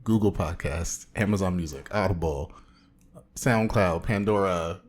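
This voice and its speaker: A man in his thirties co-hosts a relaxed podcast. His voice sits very low and sounds husky. He jokes in a dry, goofy, teasing way. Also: unhurried. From Southern California. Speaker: podcast co-host. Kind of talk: casual podcast banter.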